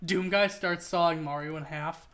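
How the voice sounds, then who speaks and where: At normal speed and medium pitch, a gamer on stream rambles through casual, jokey chatter. The delivery stays animated throughout.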